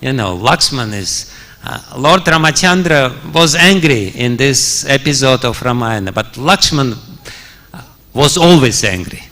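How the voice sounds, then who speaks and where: A man's voice: mid-range voice, lively intonation, measured pace, bright, forceful tone. A man preaching a scripture story in a temple hall, chuckling often and using many fillers. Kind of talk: storytelling sermon.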